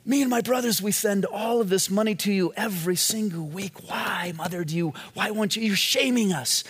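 A man's voice: high voice, moderate pace, fairly bright tone, breathy edge, voice pushed up. A man putting on the voice of a grown Indian man with an Indian accent, pleading with and scolding his mother. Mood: exasperated pleading. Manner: pleading, reproachful.

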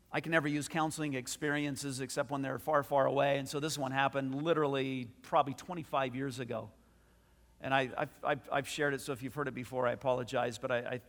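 A man pastor preaching a sermon, telling a story with animated delivery and frequent restarts. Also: mid-range voice, long reverb tail.

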